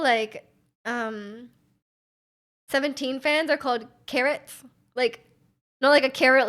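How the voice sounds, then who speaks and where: A woman's voice: a little high, fairly bright tone. A young woman from Vancouver, streaming live and rambling in casual chat, reading out her chat, using lots of "like" and giggling. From Vancouver, Canada. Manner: rambling, filler-heavy with frequent "like", giggly.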